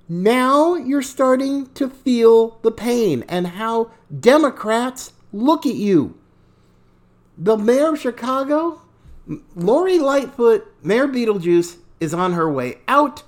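Slow, sarcastic podcast host. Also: medium pitch, animated. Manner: sarcastic, mocking, laughs between remarks. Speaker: political commentary host. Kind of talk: opinion commentary podcast.

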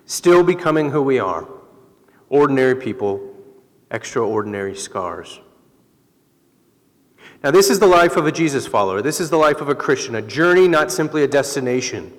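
A man preaching a sermon as pastor, telling stories in a relaxed, conversational way. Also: mid-range voice, normal speed, pauses often. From Southern California. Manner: relaxed, conversational storytelling with laughs. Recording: long hall reverb.

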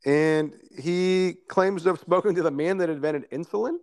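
A man's voice: on the high side, moderate pace, a little mellow, dry recording, clean studio sound. A man hosting a political podcast in casual chat, wry in tone and steering the segments along. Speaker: podcast host.

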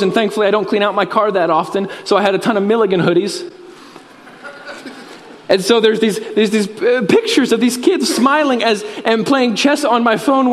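High-voiced man preaching in an echoing hall. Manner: earnest storytelling, voice drops low and soft at solemn moments. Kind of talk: sermon. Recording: reverberant hall.

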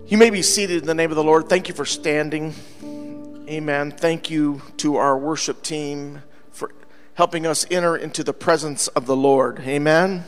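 A man pastor preaching a lively sermon to his congregation, joking with them as he goes. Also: on the high side, normal speed. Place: church sanctuary. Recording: church hall reverb with faint music.

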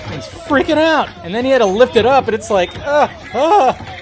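A man hosting a casual film-news livestream, talking in an animated, swearing, excitable way. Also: extremely high pitch, brisk. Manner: animated, swears often, loud bursts. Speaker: host.

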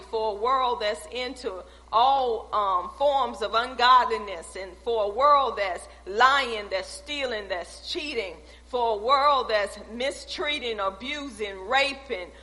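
A woman with a high, bright voice preaches a sermon. She stacks emphatic, repeating phrases in a steady preaching cadence. Her voice carries through a long-echoing church hall. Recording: echoey hall.

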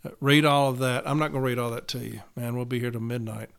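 A man's voice: mid-range voice, fairly even intonation, fast, vocal fry, fairly bright tone, clean tone. A man, a union steward talking blunt and profane in a casual podcast monologue, getting fired up.

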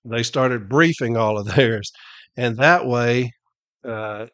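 A man's voice: medium pitch, slow, fairly bright tone. A middle-aged man, telling brash, profane stories in a casual chat and laughing at them. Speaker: union advocate and podcast guest. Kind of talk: casual storytelling.

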